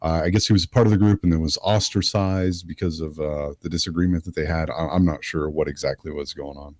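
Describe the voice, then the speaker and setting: A man calling into a live stream, speaking calmly in a deep, unhurried narrator-like voice. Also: dry recording. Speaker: caller. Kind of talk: casual call-in chat.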